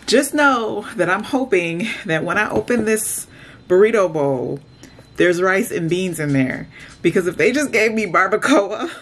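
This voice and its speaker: Woman, lower-pitched voice, casual vlog chatter, exasperated, faint background noise. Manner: talks straight to viewers. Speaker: vlogger.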